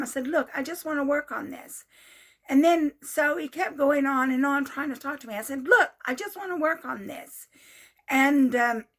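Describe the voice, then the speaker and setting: Woman in her 60s, high-pitched voice, casual vlog monologue, repetitive, exasperated retelling. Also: a bit bright. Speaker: vlogger.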